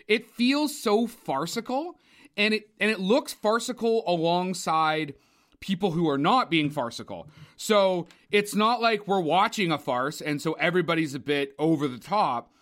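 A young man with a somewhat high voice co-hosts a film podcast. He talks in an opinionated, profane, rambling way, with plenty of asides and strong verdicts. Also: animated, a little slow, a bit bright. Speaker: podcast co-host, film reviewer. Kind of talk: casual movie review chat.

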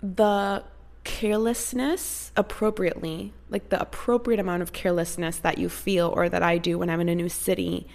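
A woman's voice: on the low side, flat delivery, normal speed, gravelly, a little mellow. A young woman chatting casually to her viewers, telling a story in a gushing, rambling way with many fillers. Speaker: vlogger.

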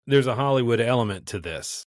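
A man's voice: mid-range voice, expressive, brisk, no room sound. A man co-hosting a podcast, talking about a film in a wry, articulate way with dry jokes. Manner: wry, articulate, dryly joking. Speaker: podcast co-host. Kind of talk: casual film review chat.

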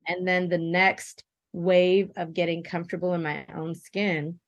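A woman from Belize, the interview guest, telling her story in an animated, expressive way. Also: on the low side, measured pace, no echo, muffled recording. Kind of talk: casual interview conversation.

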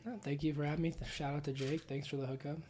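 A woman telling profane, rambling stories as a podcast guest, with quick asides. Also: low-pitched, fairly even intonation, warm tone, slight background noise. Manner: storytelling, profane, laughing asides. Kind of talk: casual podcast chat.

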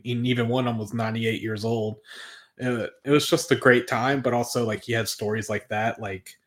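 A man in his thirties, guest co-host on a podcast, telling stories in a rambling way with many fillers. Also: mid-range voice. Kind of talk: casual podcast chat.

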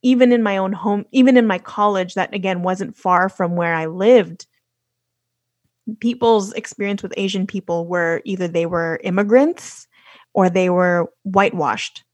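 A woman's voice: medium pitch, steady tone, normal speed, dry recording. Young woman telling stories, dry sound. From United States. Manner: storytelling with many fillers and restarts. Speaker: podcast guest. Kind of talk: casual conversation.

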